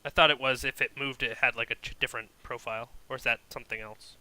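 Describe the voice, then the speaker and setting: A man with a very bright, smooth and clear voice chats loosely about tabletop wargame rules. He stays skeptical and ribs his co-host, scattering "like" through every sentence. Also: medium pitch, steady tone, quick pace, poor audio. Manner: skeptical, teasing, many "like" fillers. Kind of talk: casual gaming chat.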